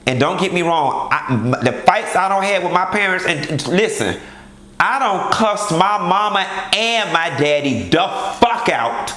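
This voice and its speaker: A man's voice: high voice, lively intonation, measured pace, sharp tone, echoey room. A man giving candid, blunt commentary on a reality show and speaking straight to its cast in a sassy manner.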